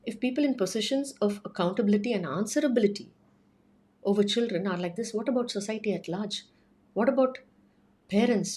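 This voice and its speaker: A woman's voice: medium pitch, a little mellow. A woman giving an earnest talk to parents about child safety, urging action through rhetorical questions. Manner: urgent, persuasive, posing questions.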